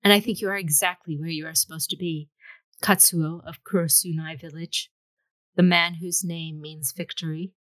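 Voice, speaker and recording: A woman voicing a calm, distant young warrior woman who speaks in measured tones. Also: lowish voice, no echo, lightly acted. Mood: assured.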